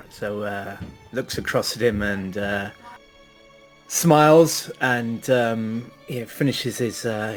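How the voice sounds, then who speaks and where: A man describing his character's actions in a tabletop game, rambling with many fillers. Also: on the low side. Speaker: player.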